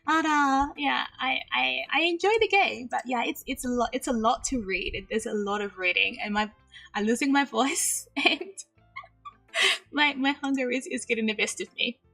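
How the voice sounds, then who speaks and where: A bubbly woman chatting casually on a game livestream, giggling often and slipping Japanese phrases into her talk. Her voice sits a little high and sounds very bright. Soft music plays faintly behind her. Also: moderate pace, vocal fry. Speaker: VTuber streamer.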